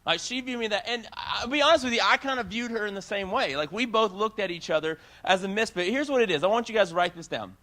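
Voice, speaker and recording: High, bright-voiced young male youth speaker. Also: fast, hardly any pauses. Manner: animated storytelling, talks straight to the crowd. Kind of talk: casual youth sermon.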